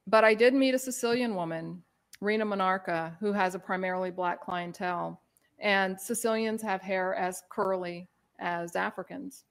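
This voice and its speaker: A woman presents a talk in an easy, conversational way, often padding her sentences with small filler phrases. Her voice sits at an ordinary middle pitch for a woman. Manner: informal, many filler phrases. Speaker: presenter on hair culture. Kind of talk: conversational lecture.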